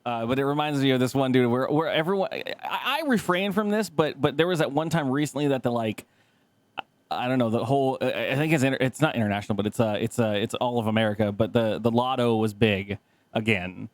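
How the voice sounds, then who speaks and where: A man's voice: mid-range voice, quick pace, no room sound. A man co-hosting a podcast, telling a rambling story with laughs and swearing, acting out other people's lines. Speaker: podcast co-host. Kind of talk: casual chat, storytelling.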